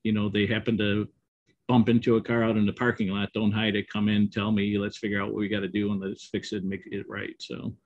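A middle-aged man who co-owns an auto repair shop, answering interview questions in a relaxed, rambling way with many ums and you-knows. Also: on the low side, a little fast, a little hiss or hum. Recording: dull, slightly muffled dry audio.

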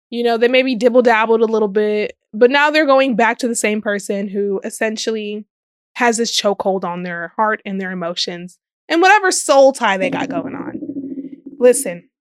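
A woman's voice: on the high side, a bit bright, smooth, no room sound, studio quality. A young woman hosting a casual commentary podcast, sassy and emphatic, often laughing and drawing out words for stress. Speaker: podcast host. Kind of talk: casual social media commentary.

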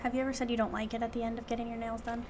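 A young adult woman co-hosting a podcast, relaxed and teasing in casual chat. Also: a little high, racing, a little hiss or hum. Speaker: podcast co-host.

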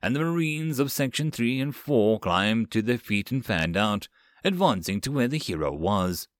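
A man narrating a web novel as an audiobook, with a steady, even reading. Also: mid-range voice, normal speed, no echo, studio quality.

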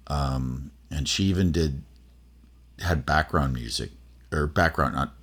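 Casting note: middle-aged man, very deep, slow, husky, halting fireside storytelling. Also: fairly bright tone. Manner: rambling, halting, many fillers and restarts. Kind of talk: personal storytelling.

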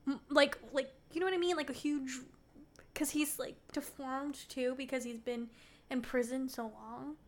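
High-pitched woman podcast co-host, chatty and emphatic. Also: fairly even intonation, normal speed. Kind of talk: casual book chat.

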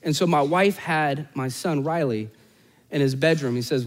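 A man in his forties preaching a sermon, telling a family story with joking asides to the congregation and swinging from loud, emphatic peaks to hushed, soft passages. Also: a little high, normal speed, big-room sound. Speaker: pastor.

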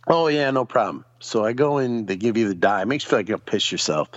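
A low-voiced man spins a long, swearing-filled story with a very lively, swooping delivery. He jumps in and out of other people's voices as he tells it. The sound is dull and lo-fi, like a basic podcast setup. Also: a little fast, no room sound. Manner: profane, animated storyteller acting out other people's lines. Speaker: podcast guest. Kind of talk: casual storytelling.

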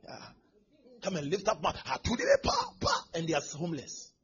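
A man preaching a sermon as pastor, swinging from hushed asides to shouting. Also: a little high, wildly swooping pitch, normal speed, slightly rough. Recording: dull lo-fi sermon recording.

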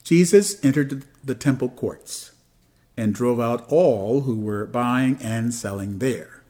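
Measured man, senior minister of a church. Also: mid-range voice, dark tone. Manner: measured, prayerful, with uh fillers in chat. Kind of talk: sermon and podcast chat.

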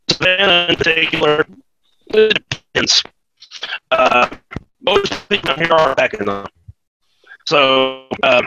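Man calling in, halting and filler-heavy, robotic glitchy connection, guitar music loud behind. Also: fairly high pitch, dull audio. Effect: robotic glitchy voice call. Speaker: guest caller. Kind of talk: casual chat. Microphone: video call. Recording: choppy online call with guitar music.

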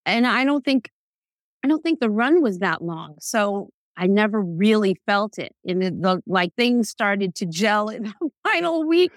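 A middle-aged woman speaking candidly in a casual interview, animated and quick to laugh, acting out the things she once said. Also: medium pitch, no echo. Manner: candid, animated, laughs often, acts out quotes. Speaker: guest.

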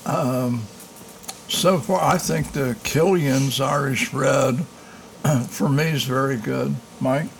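A man hosting a casual beer tasting with friends at home, talking in a halting way full of fillers and restarts. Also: mid-range voice, creaky, a little hiss or hum, low-quality recording. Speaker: host.

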